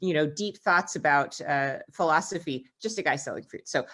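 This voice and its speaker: A woman's voice: low voice, moderate pace, fairly bright tone. An American woman hosting a casual chat, upbeat as she asks her guest questions. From United States. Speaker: host.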